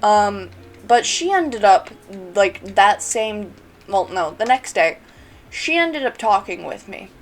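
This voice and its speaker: Woman vlogger, unhurried, giggly storytelling, faint music behind. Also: mid-range voice, very animated. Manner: giggly, chatty, laughs between phrases. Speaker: YouTuber. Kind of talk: storytime vlog.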